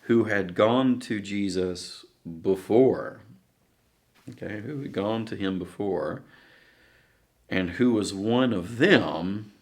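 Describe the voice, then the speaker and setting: A man preaching a sermon in a conversational, halting way, with frequent fillers and restarts. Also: on the low side.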